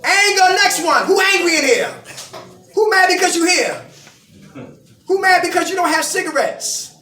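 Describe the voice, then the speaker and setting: The voice is very high and sharp, expressive, at a moderate pace. It belongs to a middle-aged recovery group speaker who preaches to an audience in an indoor meeting room, shooting call-and-response questions at them, heard from far off in an echoey space.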